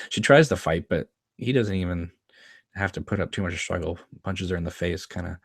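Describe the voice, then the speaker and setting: A man's voice: low-pitched, creaky, dry recording, studio quality. A man hosting a casual watchalong, chatting about a television episode, laughing often and quoting lines from the scene. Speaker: show host commenting on an episode.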